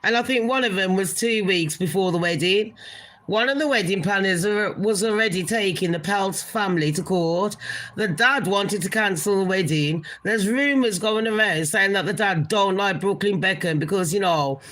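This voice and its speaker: A woman's voice: mid-range voice, moderate pace, a bit bright. A woman hosting a casual celebrity gossip livestream, blunt and chatty, swearing freely and talking straight to her viewers.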